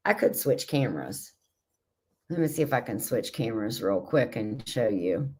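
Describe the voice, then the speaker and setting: A woman's voice: very deep voice, animated, normal speed, darkish tone, husky. A woman hosting a casual livestream chat from home, reading out viewer comments and gushing over vintage jars. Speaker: livestream host.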